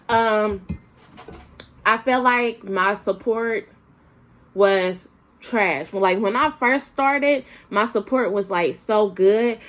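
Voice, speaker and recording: Young woman with a country twang. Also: medium pitch. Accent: Southern US country accent. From Flint, Michigan, raised in Arkansas. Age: young adult. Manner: rambling, many fillers and restarts. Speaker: vlogger. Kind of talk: casual chat to camera.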